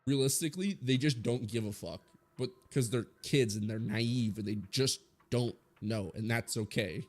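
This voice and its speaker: A man's voice: medium pitch, moderate pace. A man in his twenties giving a blunt, rambling opinion rant full of swearing, as a streamer talking to his viewers.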